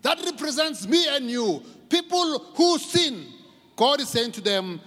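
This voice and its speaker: A South African man preaching a passionate sermon as pastor, repeating key phrases and rising to shouts for emphasis. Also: very high voice, sing-song, measured pace. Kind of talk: impassioned sermon. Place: large church hall. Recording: long reverb of a large church hall.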